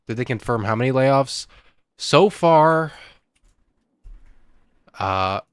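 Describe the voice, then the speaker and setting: A man's voice: medium pitch, animated, very slow, clean tone, no echo, studio quality. A young man streaming a game and chatting casually with viewers, sighing and emotional, on the verge of tears. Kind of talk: casual live-stream chat.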